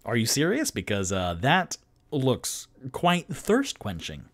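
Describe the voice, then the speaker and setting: A man's voice: mid-range voice, wildly swooping pitch, slow pace, full character voice. A man voicing a cheerful male bard with a chirpy, rambling manner. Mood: cheery.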